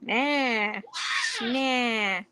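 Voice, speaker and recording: A woman's voice: a little high, very slow, raised voice, very noisy. A woman guest artist chatting casually and laughing often while she draws on a stream.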